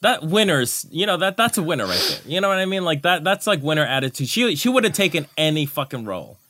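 A man's voice: on the high side, very animated, fast, bright, forceful tone, no echo. A man talking as a podcast guest in casual chat, brash, sassy and swearing freely.

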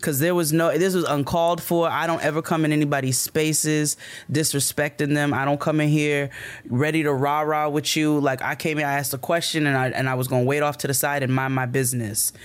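A man's voice: a little high, a little fast, clean tone. A man from the United States co-hosting a podcast, telling a story in casual chat with lots of swearing and acted-out quoted dialogue. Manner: animated, profane storytelling that acts out quoted dialogue. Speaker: podcast co-host.

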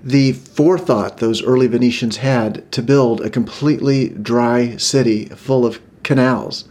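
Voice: mid-range voice, a little slow, a little mellow. A speaker improvising a mock-serious interviewer asking probing questions in a comedy interview.

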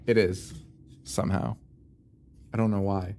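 A young man co-hosting a podcast, casually recapping a movie with lots of swearing, rambling asides and quick imitations of characters. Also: on the low side, flat delivery, darkish tone. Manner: profane, rambling, retells scenes with quick put-on quotes. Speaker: podcast co-host.

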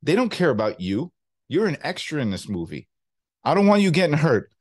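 A man's voice: on the high side, very animated, brisk. A man doing an impression of a well-known actor as a protective, insistent older man who keeps repeating himself.

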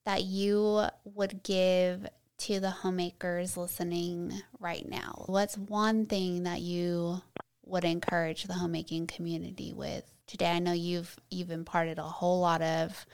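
A woman hosting a podcast, speaking in an earnest, encouraging and deliberate way. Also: lowish voice, level tone, clear, resonant tone. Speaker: podcast host. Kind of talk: warm podcast interview.

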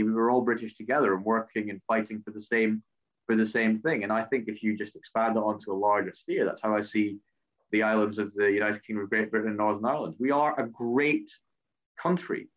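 A man's voice: fairly low pitch, lo-fi sound. A politician answering interview questions earnestly, often repeating words as he searches for them. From Scotland.

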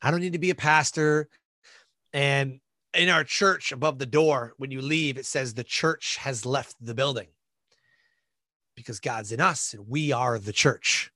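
A man guest on a podcast, telling a personal story in an animated way and acting out the voices of people in it. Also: mid-range voice, measured pace, dry recording. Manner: animated, acts out voices in his stories, many fillers like "like".

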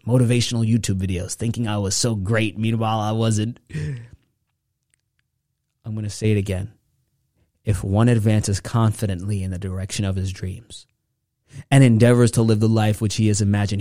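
A man hosting a motivational podcast, speaking in a preachy way that keeps building excitement. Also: lowish voice, no room sound, clean studio sound. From New York. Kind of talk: motivational speech.

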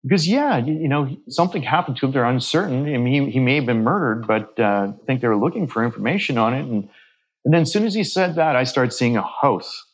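A man's voice: mid-range voice, animated, fast talker, husky, lo-fi sound. A man, a guest medium on a podcast, telling a story and acting out the voices of the people in it, with frequent restarts and repeated words. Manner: acts out quoted dialogue while retelling a story.

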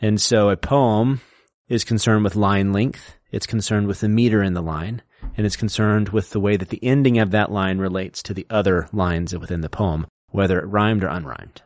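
Low-voiced man explaining poetry. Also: fairly even intonation, dry recording, clean studio sound. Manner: lecturing, recites verse slowly to show stress. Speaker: podcast co-host explaining poetry. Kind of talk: casual explanatory chat.

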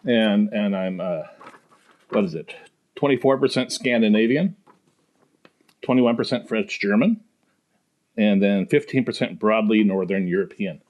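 A man's voice: lowish voice, unhurried, pauses often, a little mellow. A man in his sixties, a podcast guest, talking in an easygoing, playful way. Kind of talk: casual podcast chat.

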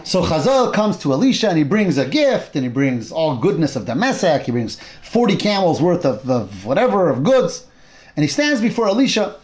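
A man teaching a Torah class, retelling a Bible story with animated storytelling and Hebrew terms mixed in. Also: fairly high pitch, normal speed.

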